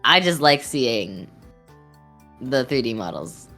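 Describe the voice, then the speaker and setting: A woman's voice: a bass voice, big pitch swings, slow pace, fairly bright tone, soft background music. A young woman streamer chatting casually while drawing, rambling and giggly with lots of fillers.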